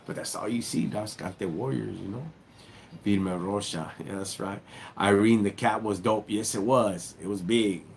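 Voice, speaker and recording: A man's voice: lowish voice, fairly even intonation, normal speed, vocal fry, slight background noise. A middle-aged man from Southern California with a Chicano English accent, hosting a casual livestream and talking slangy street talk, calling his viewers dog and homie. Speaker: livestream host.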